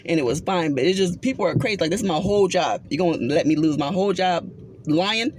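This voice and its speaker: A woman who works as a psychiatric technician, casually telling a story from her job in a rambling, animated way, with plenty of fillers and acted-out dialogue. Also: fairly low pitch, quick pace, a little hiss or hum. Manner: acts out others' words in reported dialogue.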